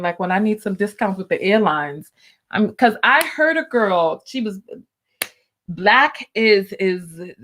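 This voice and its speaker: A woman hosting a casual livestream, chatting and laughing as she talks straight to her viewers and reads their comments aloud. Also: on the high side. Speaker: host.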